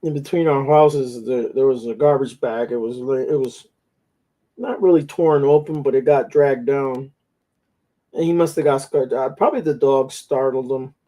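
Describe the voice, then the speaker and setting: A man's voice: medium pitch, moderate pace, mellow. A man telling rambling stories in a casual chat, with coarse slang.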